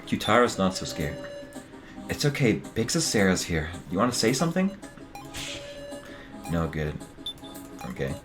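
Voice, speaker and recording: A man's voice: deep voice, sing-song, unhurried, long pauses, over music. A man streaming a game, joking and muttering asides to his viewers in casual commentary.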